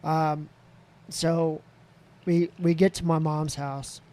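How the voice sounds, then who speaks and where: A candid man telling a story on a podcast, his voice mellow and a little higher than most men's. He speaks in an even, level tone without much swing. A faint background hiss sits under him. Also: slow pace. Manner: candid, swears freely, voices others in quotes. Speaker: podcast guest. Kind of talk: casual storytelling.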